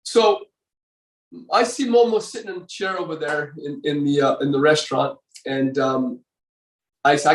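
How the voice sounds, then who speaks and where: A man's voice: on the high side, moderate pace, roomy sound, far from the mic, poor audio. An older man, a former bodybuilder, telling a long story as a podcast guest, rambling with many fillers and restarts. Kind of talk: casual storytelling interview.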